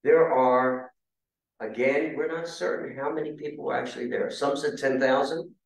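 Male lecturer, conversational history talk; boomy hall, distant mic. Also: fairly even intonation, moderate pace, creaky. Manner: conversational, asks the audience questions. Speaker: guest speaker. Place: meeting hall. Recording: very echoey room, mic far off.

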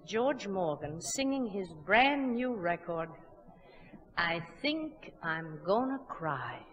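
A woman's voice: a little high, fairly bright tone, slight background noise. A woman appearing as a guest on a 1950s radio show, giving a gracious, formal introduction. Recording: vintage 1950s radio broadcast with faint band.

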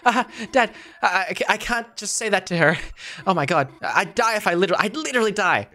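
Man doing a flustered, higher-pitched monster girl, stumbling over words. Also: animated, brisk, bright, forceful tone, soft background music. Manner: nervous stammering higher voice. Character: shy young reindeer-monster daughter.

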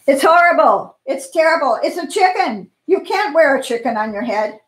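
A woman voicing a bossy, indignant busybody lady who scolds in a shrill, outraged way. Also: normal speed, fairly bright tone.

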